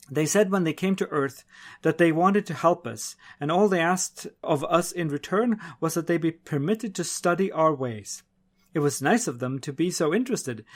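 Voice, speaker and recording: Guy reading a sci-fi short story, fairly high voice, steady pace, quieter on the he-saids. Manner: steady storytelling, drops voice on speech tags. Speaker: narrator.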